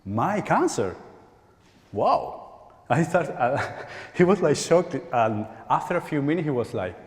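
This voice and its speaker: A man with a Spanish accent giving an animated inspirational talk at a conference, acting out quoted voices and laughing often. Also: a little high, unhurried. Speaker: conference speaker. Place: large church hall. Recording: echoey hall with long reverb.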